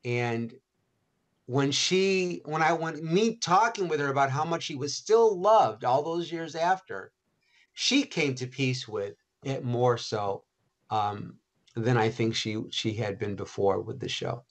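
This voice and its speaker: A man, an author and interview guest, telling animated anecdotes with many restarts. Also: mid-range voice, slow. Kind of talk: storytelling interview.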